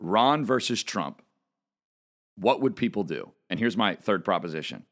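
Emphatic middle-aged male commentator, lively pitch. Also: measured pace. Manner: emphatic, rhetorical questions, repeats points. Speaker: political commentator. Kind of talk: opinionated political monologue.

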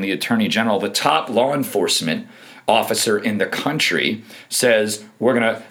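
Scornful low-voiced male commentator. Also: fairly bright tone. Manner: emphatic, scornful, reads out quotes. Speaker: political commentator. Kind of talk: opinion commentary monologue.

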